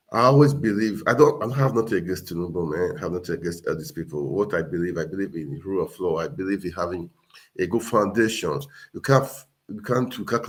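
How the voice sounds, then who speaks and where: Deep-voiced man exhorting viewers. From Nigeria. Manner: earnest, repetitive, exhorting. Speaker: livestream host. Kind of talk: casual livestream monologue.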